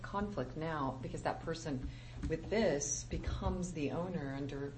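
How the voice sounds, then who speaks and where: A woman speaking up in a public meeting, with a halting manner and repeated words. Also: low voice. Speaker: board member. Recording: distant mic with noise.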